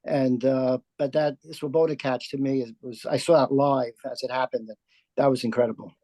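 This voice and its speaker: A man's voice: mid-range voice, fairly even intonation, moderate pace, dark tone, dry recording. A man in his seventies reminiscing in a rambling way as an audience member on a video call. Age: 70s. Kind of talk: casual remarks on a video call.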